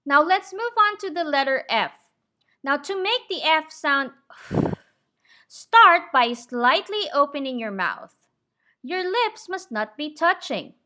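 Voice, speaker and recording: A woman teaching English pronunciation in a slow, clear lesson. She is patient, often checks in with "okay?" and drills words slowly and deliberately. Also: high-pitched, lively intonation, bright, forceful tone.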